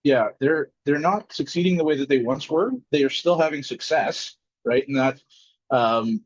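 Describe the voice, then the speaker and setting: A man from Alberta, a podcast guest, telling his side in a steady, wry way. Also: mid-range voice, moderate pace, no echo, muffled recording. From Alberta, Canada. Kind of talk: casual podcast conversation.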